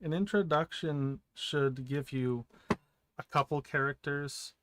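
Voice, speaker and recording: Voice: medium pitch, slow pace, noisy background. A co-host chatting casually about books, hesitant and stammering with a wry humor.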